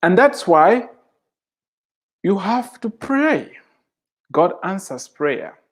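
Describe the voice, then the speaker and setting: Very animated and pitched high, a middle-aged Christian author and speaker preaches a devotional sermon. He leans on scripture by repeating its lines, speaking slowly and emphatically with long, drawn-out phrases.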